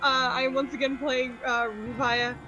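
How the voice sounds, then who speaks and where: Female tabletop player, high bright voice, giggly. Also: little pitch movement, normal speed, lo-fi sound, soft background music. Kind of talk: casual chat at a tabletop game.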